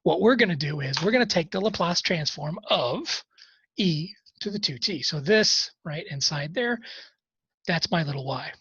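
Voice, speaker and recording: Man, math instructor, casual lecture, raspy voice, dry close mic, muffled sound. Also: fairly high pitch, lively intonation, normal speed, bright, forceful tone, dry recording. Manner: conversational, self-deprecating asides while working problems. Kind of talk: recorded class lecture.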